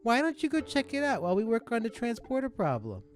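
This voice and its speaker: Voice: medium pitch, huge pitch swings, quick pace, soft background music, voice pushed up. A streamer voicing a brassy female ship officer with an exaggerated New Jersey accent, delivering reports bluntly.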